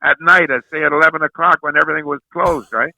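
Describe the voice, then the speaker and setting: An older man rambles through stories with a bright, gravelly edge to his voice. He circles back and repeats words as he goes. The sound is dry and close, with no room around it. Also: fairly high pitch, fairly even intonation, fast talker, no echo, rough recording. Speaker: guest. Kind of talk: rambling storytelling.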